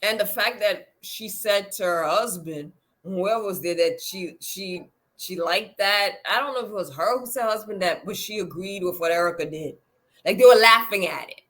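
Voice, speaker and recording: Bright-voiced woman recapping reality TV. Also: medium pitch, normal speed. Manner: animated, acts out quotes, lots of "like" and "yeah". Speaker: co-host. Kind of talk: casual reality TV recap chat.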